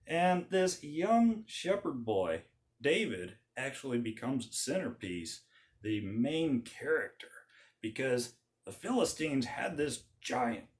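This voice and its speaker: A man hosting his channel, telling an old story in a folksy, animated way. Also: a little high. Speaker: channel host. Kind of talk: casual storytelling.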